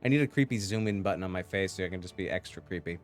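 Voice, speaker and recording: A man's voice: low-pitched, racing, soft background music. A man casting a live video game match, with goofy, jokey asides between calls. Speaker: esports caster.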